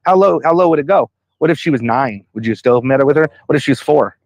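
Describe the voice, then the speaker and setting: A man's voice: mid-range voice, animated, quick pace, dry recording. A man hosting a stream, confronting someone in a heated, accusing way and swearing freely. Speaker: stream host confronting a suspect.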